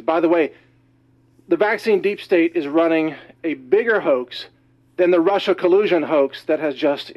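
A man delivering an urgent, alarmed news monologue, slightly out of breath, talking rapidly and emphatically. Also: a little high, dull audio. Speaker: news commentator.

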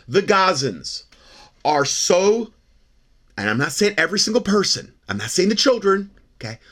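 A man's voice: mid-range voice, fairly bright tone. A man hosting a religious commentary show, talking in an emphatic, repetitive, argumentative monologue.

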